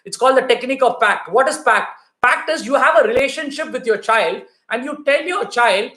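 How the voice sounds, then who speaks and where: A man's voice: very high-pitched, lively intonation, fairly quick, hardly any pauses, bright, forceful tone, echoey room. A man giving a live online talk as a parenting coach, emphatic and repeating his key points to the audience. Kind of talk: live online talk answering viewer questions.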